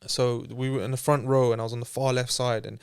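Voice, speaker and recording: Smooth fast-talking man telling a story. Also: medium pitch, little pitch movement. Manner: chatty, slangy, acts out quoted voices. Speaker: interview guest. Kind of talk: casual storytelling.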